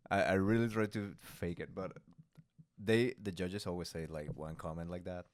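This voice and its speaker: Deep-voiced man, halting speech. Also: steady tone, dry recording, studio quality. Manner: halting, with frequent restarts. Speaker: podcast co-host and comedian. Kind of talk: casual podcast chat.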